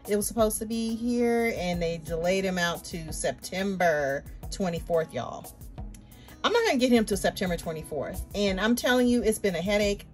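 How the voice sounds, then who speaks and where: A woman, a doll-collecting vlogger, venting to viewers in a chatty, emphatic casual rant. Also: medium pitch. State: tearful, emotional near the end.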